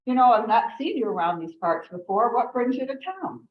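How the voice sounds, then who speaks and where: A woman's voice: on the high side, sing-song, normal speed, voice pushed up. A woman telling a joke plays an eager, plain-spoken male bartender. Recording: echoey room, dull sound.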